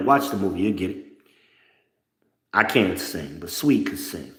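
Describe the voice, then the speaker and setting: A man giving blunt, profane relationship advice in an animated, lecturing monologue. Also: deep voice, unhurried, echoey room. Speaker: online commentator.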